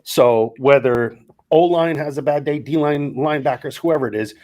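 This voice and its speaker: A man around fifty from Wisconsin, co-hosting a podcast and telling stories in a casual, animated way, acting out the dialogue as he goes. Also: mid-range voice, moderate pace. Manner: animated storyteller, acts out quoted dialogue. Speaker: podcast co-host, former college lineman. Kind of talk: casual storytelling chat.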